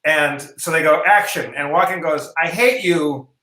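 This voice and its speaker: A man with a bright, forceful voice tells funny backstage stories in a casual video chat and acts out every quoted line with gusto. The sound is roomy and echoey, with a faint hiss behind him. His pitch sits a little higher than most men's. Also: moderate pace. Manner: animated storyteller, acts out quoted lines. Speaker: improv comedian. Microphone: video call.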